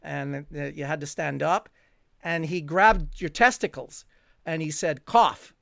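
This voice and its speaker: A man's voice: a little high, unhurried, vocal fry, sharp tone, no room sound, clean studio sound. An older man, telling a long story as a guest, rambling and chuckling with plenty of fillers. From Canada. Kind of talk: storytelling in a conversation.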